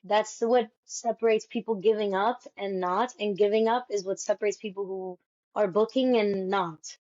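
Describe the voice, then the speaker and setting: A woman's voice: mid-range voice, moderate pace, muffled recording. A young adult woman, a stage actress as guest, telling a story in a casual interview and acting out the dialogue. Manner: lively storyteller, acts out quoted dialogue.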